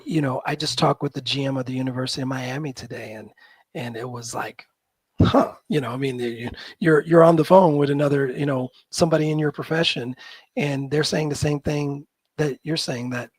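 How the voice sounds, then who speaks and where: A man's voice: mid-range voice, brisk, slightly rough, no room sound. A man in his fifties from the Midwest of the US, a college football general manager chatting as a guest and telling rambling, self-deprecating stories with many restarts. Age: 50s. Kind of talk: casual interview chat.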